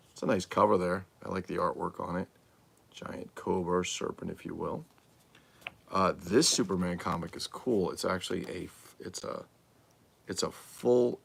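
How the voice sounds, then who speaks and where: A man's voice: low-pitched, creaky, fairly bright tone. A man hosting a live collectibles show, chatting in a rambling, enthusiastic show-and-tell way.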